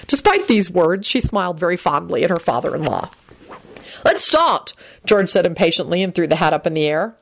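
A woman's voice: lowish voice, lively intonation, fast, creaky, few pauses, slight background noise. A woman narrating a fan story aloud in an audiobook style.

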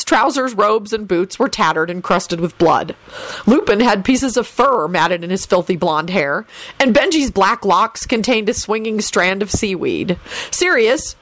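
A woman reading a story aloud as narrator, animated and switching into character voices. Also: medium pitch, dry recording. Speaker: audiobook narrator.

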